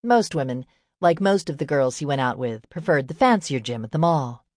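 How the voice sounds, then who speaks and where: A woman narrating a novel in a steady, measured storytelling manner. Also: deep voice, no echo, clean studio sound. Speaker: audiobook narrator. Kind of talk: scripted narration.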